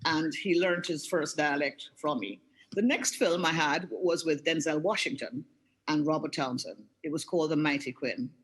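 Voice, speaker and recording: A woman's voice: sits low, normal speed, breathy edge, low-quality recording. A Jamaican woman in her sixties, an art director telling stories on a webinar video call in a chatty way, often restarting her sentences. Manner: chatty storytelling with frequent restarts. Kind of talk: anecdotal webinar talk.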